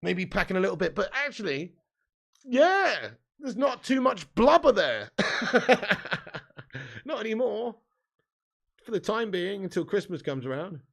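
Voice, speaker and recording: A man's voice: sits high, very animated, slow pace, long pauses, a bit bright. An English man hosting a live football watch-along, bantering with his chat, laughing often and reading comments aloud. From England. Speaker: live stream host.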